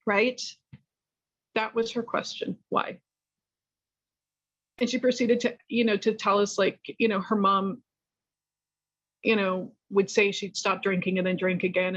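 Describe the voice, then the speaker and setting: A middle-aged woman from California sharing her personal recovery story at a meeting, candid and rambling, lively when she tells a story. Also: medium pitch, measured pace, no room sound, lo-fi sound. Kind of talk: personal testimony talk.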